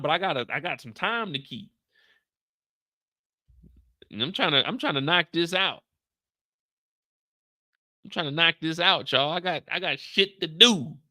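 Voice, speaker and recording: A man hosting a live stream, recapping a TV episode in casual chat, animated and slangy and talking straight to his viewers. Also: a little high, measured pace, long pauses, dry recording, clean studio sound. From United States. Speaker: show host recapping a TV episode.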